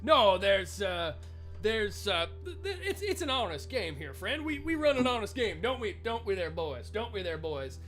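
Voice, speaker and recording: Give me a man playing an evasive, stammering card sharp with a folksy drawl and a high voice. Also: sing-song, moderate pace, soft background music.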